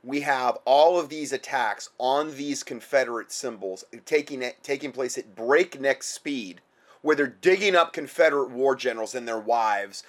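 A man's voice: on the high side, a bit bright. Man narrating a documentary.

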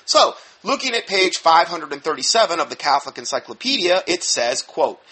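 Male preacher, emphatic sermon delivery, bright and a bit high-pitched, quick mumbled asides. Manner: emphatic, animated, with sudden drops to mumbled asides. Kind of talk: sermon-style teaching talk.

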